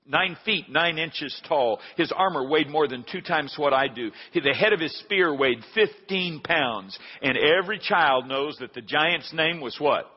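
A middle-aged male pastor preaching a sermon, telling a story and swinging between hushed and loud. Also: a little high, normal speed, slightly rough. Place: church sanctuary. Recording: dull recording with long hall reverb.

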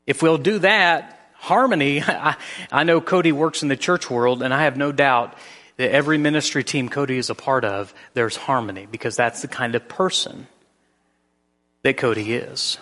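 A pastor preaching a sermon, telling a story with shifting emphasis. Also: male voice, mid-range voice, normal speed, sharp tone, big-room sound.

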